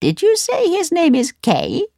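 A woman's voice: extremely high pitch, huge pitch swings, unhurried, vocal fry, warm tone, no room sound, studio quality, voice pushed up, full character voice. Woman voicing a kind, sing-song storybook raven. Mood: kindly. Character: kind, wise male talking raven. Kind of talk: storybook reading.

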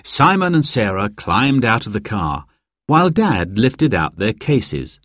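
A man narrating a children's storybook slowly and clearly. His lowish voice moves expressively, and the recording is close and dry with no room sound. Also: no room sound. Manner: slow, clear, expressive reading. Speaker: audiobook narrator.

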